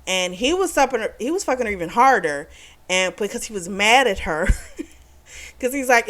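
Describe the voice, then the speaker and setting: A woman's voice: a little high, lively intonation, a little slow, a bit bright. A woman casually recapping a romance novel's plot, talking frankly with plenty of profanity and frequent laughs. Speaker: book reviewer. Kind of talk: casual spoken book recap.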